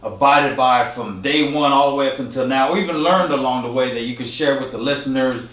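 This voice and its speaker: A man's voice: medium pitch, a little fast, a bit bright, roomy sound, recorded from a distance. A man hosting an interview, asking long rambling questions and summing up his guest's points. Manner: rambling, wraps up with summaries. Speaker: interview host.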